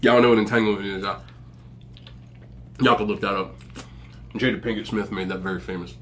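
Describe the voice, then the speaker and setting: A man in his forties telling stories to viewers in a relaxed, joking way, laughing often and using plenty of slang. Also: fairly low pitch, brisk. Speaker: mukbang host. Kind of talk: casual storytelling to viewers.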